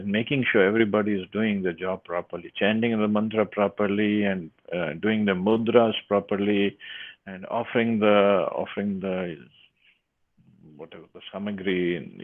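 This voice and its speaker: A man giving a scripture class, reading verses and then explaining them with frequent restarts. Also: lowish voice. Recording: tinny phone-like line.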